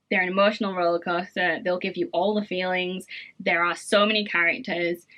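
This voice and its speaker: A woman's voice: on the low side, a bit bright, low-quality recording. A young woman reviewing her favorite books in a casual, gushing chat to camera, full of fillers and enthusiasm. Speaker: book reviewer.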